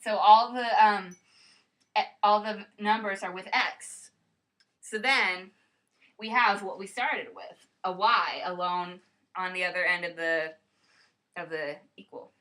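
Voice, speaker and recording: Woman, bright voice, playful mock math lesson, rambling, trips over terms. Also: medium pitch, fairly even intonation, slow pace. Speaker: co-host of a homemade math skit.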